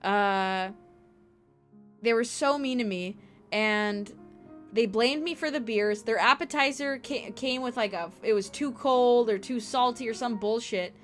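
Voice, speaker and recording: A young woman streamer telling stories in casual chat, animated and profane, acting out the people she quotes. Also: on the high side, measured pace, soft background music.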